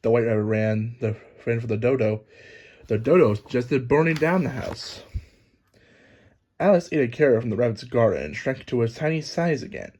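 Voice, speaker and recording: A man narrating a children's storybook aloud in a lively, expressive reading. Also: mid-range voice, moderate pace. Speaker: storybook reader.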